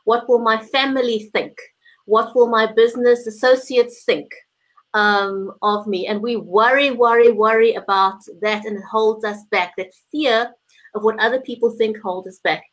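A woman's voice: on the high side, fairly even intonation, moderate pace, a bit bright. A woman co-hosting a casual live-stream chat, earnest and a little rambling, with frequent fillers. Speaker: co-host.

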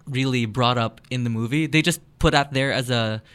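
A man's voice: medium pitch, normal speed, fairly bright tone, clean tone. Eager man explaining at length. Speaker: podcast co-host. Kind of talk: casual podcast chat.

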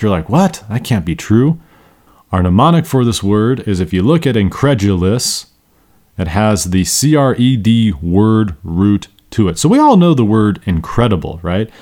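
A man teaching vocabulary in a casual spoken lesson, animated and slipping into exaggerated voices for his examples, sleep deprived. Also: fairly low pitch.

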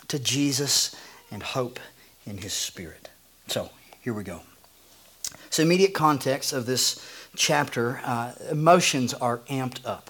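A man preaching a sermon, dropping to a hushed low voice for scripture and rising when he gets excited. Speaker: pastor.

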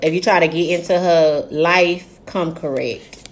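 A woman's voice: fairly low pitch, fairly even intonation, a little slow, a little hiss or hum. A woman co-hosting a casual chat, supportive and teasing with short interjections.

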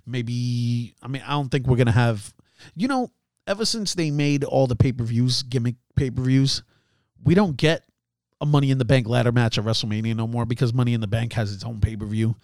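A man's voice: medium pitch, brisk, darkish tone. A man hosts a laid-back solo commentary in an ordinary mid-range voice. He rambles, stumbles over words and laughs at his own slips. The sound is dry and close, with no room echo. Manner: chatty, laughs at himself, many fillers and restarts. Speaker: podcast host.

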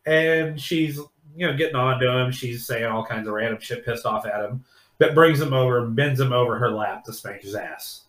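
A man hosting a podcast, retelling a scene in casual chat as an animated storyteller who swears freely. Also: mid-range voice, moderate pace. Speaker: podcast host. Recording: echoey room.

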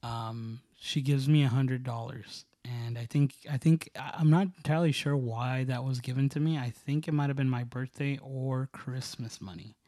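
A man's voice: medium pitch, fairly even intonation, moderate pace, few pauses, warm tone, no echo, clean studio sound. A man telling childhood stories in a casual chat. He rambles, restarts and fills his talk with "like", with bursts of laughter. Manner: rambling, filler-heavy, many "like"s and restarts.

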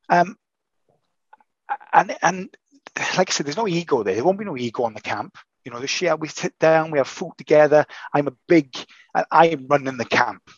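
A man's voice: fairly high pitch, lively intonation, a little fast, husky, no echo, dull audio. Emphatic man in casual chat. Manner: emphatic, swears freely. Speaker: martial arts instructor.

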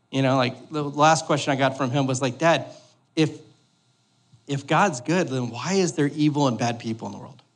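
A pastor in his thirties giving a sermon in a church hall, joking and conversational, often checking in with the congregation. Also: medium pitch. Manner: joking, conversational, keeps asking "all right?".

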